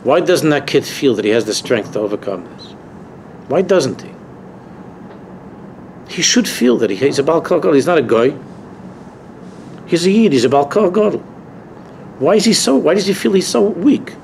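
Gravelly, emphatic rabbi lecturing. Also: male voice, fairly high pitch, sing-song, normal speed, long pauses, a little mellow, slight background noise. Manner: emphatic, repeats key phrases, rising to impassioned peaks. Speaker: rabbi teaching a text class. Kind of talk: Torah lecture to students. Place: university lecture room.

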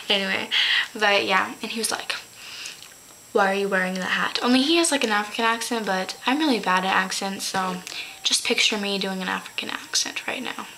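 A woman's voice: mid-range voice, normal speed, creaky, bright, forceful tone, a little hiss or hum, low-quality recording. A teenage girl vlogging casually to her webcam, chatty and giggly, often stopping to correct her own slips. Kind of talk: casual chat to camera.

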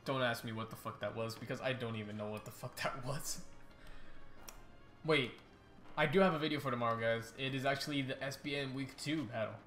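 A man's voice: mid-range voice, brisk, faint music behind. Young man rambling over gameplay. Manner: excitable, rambling, restarts often. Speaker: YouTube gaming host. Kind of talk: casual let's-play commentary.

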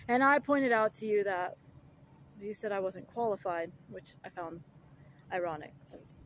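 A woman's voice: medium pitch, slight background noise, low-quality recording. A woman delivering an indignant, argumentative monologue, full of rhetorical questions, fillers and restarts. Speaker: vlogger.

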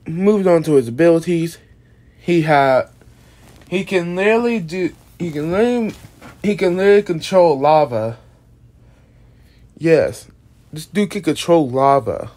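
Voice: medium pitch, moderate pace, long pauses, a little mellow. A casual video creator explaining an original monster character, rambling with many restarts and casual swearing, sounding tired. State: tired, yawning.

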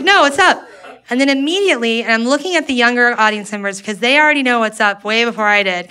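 A middle-aged woman performing a stand-up set into a handheld mic on a club stage. Her voice sits high and sounds bright, almost sharp. She tells her story in an animated way and leaps far up in pitch whenever she acts out her own exclamations. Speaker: stand-up comedian. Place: comedy club stage with audience laughter.

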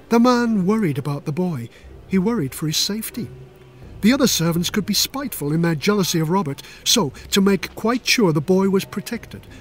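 Older guy reading a kids' history book, fairly high voice, bouncy and dramatic, faint music. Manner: playful, dramatic storytelling. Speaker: author reading his own book. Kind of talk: audiobook narration for children.

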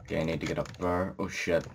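Groggy, very deep-voiced male gamer. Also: fairly even intonation, a little fast, creaky. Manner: rambling, casual, swears when startled. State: groggy morning voice, just out of bed. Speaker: gameplay commentator. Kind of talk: casual gameplay commentary. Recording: noisy home mic with keyboard clicking.

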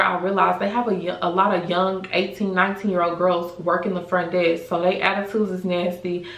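A woman's voice: on the low side, gravelly, fairly bright tone, distant mic. A young woman telling a story in a casual vlog, candid and profane, saying "like" constantly. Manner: candid and profane, heavy filler "like". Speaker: vlogger. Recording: roomy echo, voice set back from the mic.

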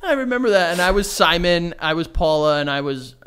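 A man's voice: fairly high pitch, expressive, fairly quick, fairly bright tone, clean tone. A young man co-hosting a podcast, swapping loose, profane stories with frequent laughter. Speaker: podcast co-host. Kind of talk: casual chat.

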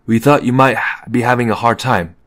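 A man voicing a kind, gentle young man who speaks in a friendly, natural way. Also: mid-range voice, fairly quick, voice pushed up, lightly acted.

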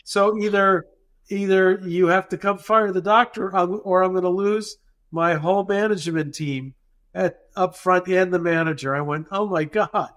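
Man, consultant, storytelling, acts out dialogue, slightly high pitch. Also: moderate pace. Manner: animated, acts out dialogue in the retelling. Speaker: dental practice consultant. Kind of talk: storytelling anecdote in a podcast interview.

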